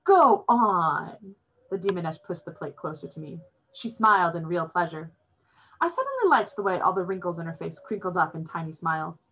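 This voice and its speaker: A woman reading a novel aloud in a plain, steady storytelling manner, recorded with dull lo-fi sound. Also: on the low side, brisk, slight background noise.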